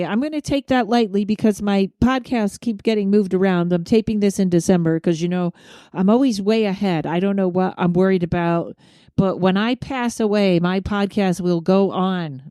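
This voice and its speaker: A woman's voice: mid-range voice, dark tone, no echo, clean studio sound. A woman hosting a podcast in casual chat, chatty and self-mocking, laughing often. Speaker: podcast host.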